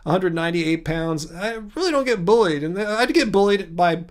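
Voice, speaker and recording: Working through viewer comments on his casual livestream, this male host rambles, restarts frequently and chuckles often. His voice sits high, with lively intonation and a normal pace.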